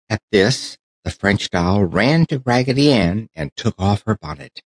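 A man narrating a children's storybook audiobook with an expressive, animated reading. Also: on the low side, unhurried, few pauses, slightly rough, no echo.

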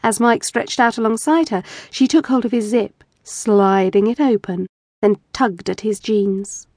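A woman narrating erotic fiction with a measured, intimate reading on a close studio mic. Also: mid-range voice, a little mellow, no room sound. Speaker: audiobook narrator.

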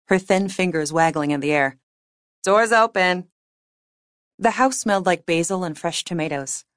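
A woman reading fiction aloud as an audiobook narrator, with measured, wry storytelling. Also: low-pitched, dry recording, studio quality. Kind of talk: scripted narration.

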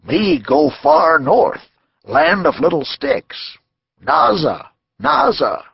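Casting: boastful old buffalo hunter, gravelly, slow, emphatic broken speech, swoops wildly in pitch, put on by a male narrator. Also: huge pitch swings, no room sound, dull audio, heavily acted.

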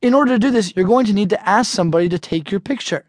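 An American man teaching an audio language lesson, chatty and relaxed, slowing down carefully to model each phrase. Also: sits high, no room sound, clean studio sound. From United States.

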